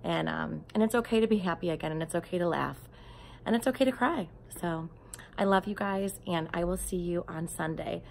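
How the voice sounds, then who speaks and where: A woman reading a storybook aloud and then talking tenderly to her grieving nephews, often dropping into a soft whisper. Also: fairly low pitch, fairly quick, vocal fry, slight background noise. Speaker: aunt speaking to grieving nephews.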